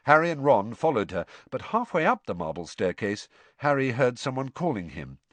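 Brief: male audiobook narrator, expressive measured reading, dry close sound. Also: mid-range voice, dry recording. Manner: measured storytelling. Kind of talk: scripted narration.

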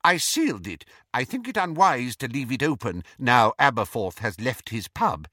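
A man voicing an elderly witch in an audiobook, speaking crisply and proudly. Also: medium pitch, sing-song, normal speed, sharp tone, no echo, studio quality. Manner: clipped, proud. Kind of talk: audiobook character voice.

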